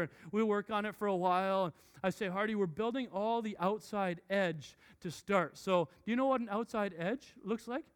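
High, smooth-voiced animated preacher man. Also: normal speed, few pauses. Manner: animated storyteller with many restarts. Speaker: pastor. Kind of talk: sermon with personal story.

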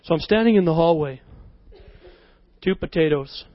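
A man preaching a sermon to his church, telling a personal story as an animated storyteller who often laughs at himself. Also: a little high, normal speed, dry recording. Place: church service. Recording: slightly dull recording with worship music behind.

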